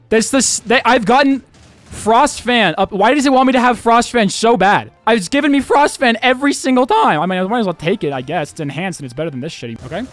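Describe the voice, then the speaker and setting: A young man streaming a game live, talking excitedly to chat and swearing often. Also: high voice. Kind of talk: live gameplay commentary.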